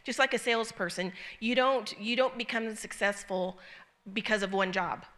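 A middle-aged woman preaching informally to a church group, her voice bright and clear. She speaks in an earnest, conversational way, often pausing on ums and restarting her sentences. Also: medium pitch. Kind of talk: informal sermon with personal story.

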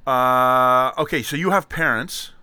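A man's voice: mid-range voice, measured pace, sharp tone, smooth, no echo. A man hosting a casual interview, asking playful, teasing questions. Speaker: host.

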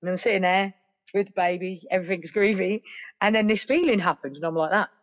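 A middle-aged woman, a podcast guest telling stories in a lively, casual way. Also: medium pitch, fast, lo-fi sound. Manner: lively, acts out other people's voices. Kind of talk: casual storytelling.

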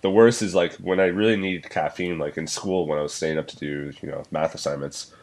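Deep-voiced laid-back male podcast host. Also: brisk. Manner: relaxed, rambling with fillers and laughs. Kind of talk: casual podcast chat.

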